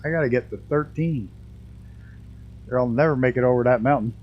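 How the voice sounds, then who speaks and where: A man's voice: medium pitch, brisk, dull audio. A man live-streaming a flight simulator with a mixed New York and Canadian accent touched with Southern US, laughing often and speech hampered by a damaged tooth. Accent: mixed New York and Canadian with a hint of Southern US. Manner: laughs often, excitable exclamations. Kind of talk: live flight-sim game commentary.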